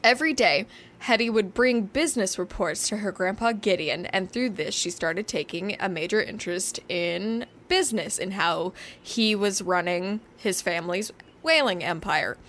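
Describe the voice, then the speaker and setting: A woman co-hosting a podcast, telling a story in a casual chat with animated asides and frequent laughter. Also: medium pitch, moderate pace, a little hiss or hum. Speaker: podcast co-host.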